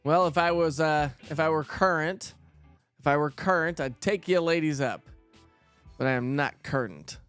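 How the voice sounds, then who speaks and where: A man's voice: fairly high pitch, normal speed, a bit bright, clean tone, dry recording, soft background music. Chatty man hosting live. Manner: chatty, reads viewer comments aloud, frequent "uh" restarts. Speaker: weather show host. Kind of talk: casual livestream chat.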